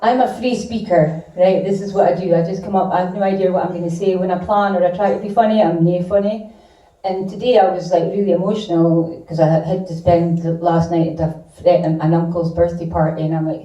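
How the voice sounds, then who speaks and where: A woman's voice: fairly low pitch, fairly even intonation, fairly quick, dark tone, highs cut off. A woman with an Aberdeen Scottish accent doing improvised stand-up comedy on a club stage, rambling, swearing and poking fun at herself. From Aberdeen, Scotland. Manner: rambling, sweary, self-deprecating. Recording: roomy and distant live club recording.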